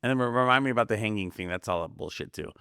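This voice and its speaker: A man's voice: fairly low pitch, quick pace, pushed and bright, clean tone, no echo, studio quality. A man talking casually as a guest on a podcast, rambling from story to story and acting out the voices of people he quotes. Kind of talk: casual conspiracy podcast chat.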